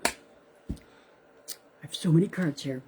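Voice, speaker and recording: A woman's voice: low voice, measured pace, slight background noise, low-quality recording. A woman psychic medium giving card readings to viewers on a live stream, chatty and calling out their names. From Canada. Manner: chatty, addresses viewers by name. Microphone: live-stream device mic.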